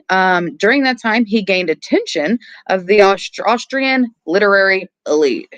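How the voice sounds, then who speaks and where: A woman's voice: mid-range voice, dry recording. A woman co-hosting a casual podcast, cursing and laughing as she stumbles through her notes. Her voice sits in a middle range and sounds close and dry. She jokes about herself as she goes. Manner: laughs often, swears freely, self-deprecating. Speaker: podcast co-host. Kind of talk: casual chat.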